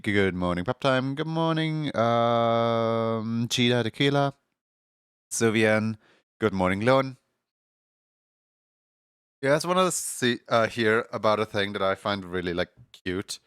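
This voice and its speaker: A man's voice: mid-range voice, takes it slowly, a bit bright, smooth, no echo, clean studio sound. A man streaming right after waking up, talking in a groggy morning voice, rambling casually with many fillers and frequent laughs.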